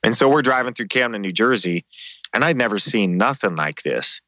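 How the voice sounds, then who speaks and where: Talking a little fast with no room sound, a man who used to host an MMA show shares laid-back stories as an interview guest. He cusses freely and animatedly performs quoted dialogue, shifting his pitch for each voice.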